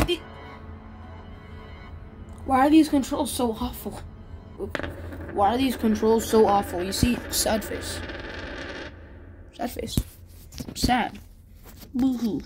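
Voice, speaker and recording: A woman giving casual let's play commentary, exasperated and exclaiming as she complains about the game's controls. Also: medium pitch. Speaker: gamer.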